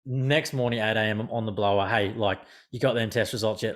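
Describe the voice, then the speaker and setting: A man hosting a podcast, telling a story in casual chat, swearing and animated. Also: on the low side, brisk. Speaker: podcast host.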